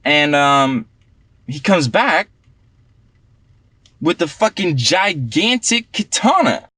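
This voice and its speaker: A man's voice: fairly high pitch, sing-song, slow pace, pushed and bright, dry recording, heavily acted. A young man playing a party-goer who tells a long story in a rambling, profane, slangy way full of fillers. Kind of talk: casual film dialogue.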